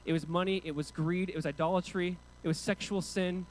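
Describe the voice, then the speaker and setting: A male pastor delivers a sermon at a quick clip, his voice sitting high for a man. He tells the scripture story with animated energy, acting out the characters and asking the congregation to repeat key words. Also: a little hiss or hum, low-quality recording. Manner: emphatic preaching with call-and-response.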